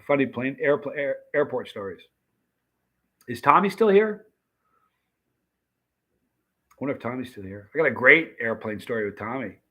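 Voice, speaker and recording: A man's voice: medium pitch, bright, forceful tone. A middle-aged American man, a livestream host, telling a rambling story to his chat and acting out the quotes, with many restarts. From United States. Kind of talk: casual storytelling to a live chat.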